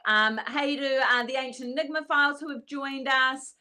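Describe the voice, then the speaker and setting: Bright-voiced chatty woman podcast host. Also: high voice, fairly even intonation, moderate pace. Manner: chatty, many ums, reads viewer comments aloud. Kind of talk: casual chat on a live-streamed podcast.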